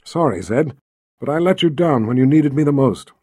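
A man's voice: mid-range voice, expressive, normal speed, a little mellow, husky, no echo, clean studio sound. A male narrator voicing a steadfast young warrior who speaks earnestly.

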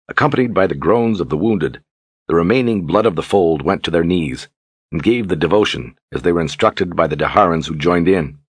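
A man narrating a fantasy audiobook in a steady, scripted storytelling voice. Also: low-pitched, breathy edge, no room sound, clean studio sound.

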